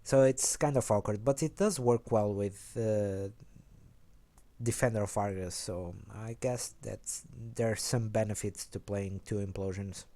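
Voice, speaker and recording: A young man speaks a little slowly in a warm voice, casually rambling as he explains his card game deck. His manner is low-key, and he keeps correcting himself along the way.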